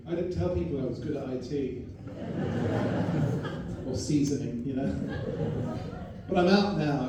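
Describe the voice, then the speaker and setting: A young man from London with a London accent doing a stand-up set, quick, playful and self-mocking. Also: fairly high pitch, background noise. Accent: London English. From London, England. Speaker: stand-up comedian. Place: live comedy club stage. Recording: echoey room from a distance, crowd ambience.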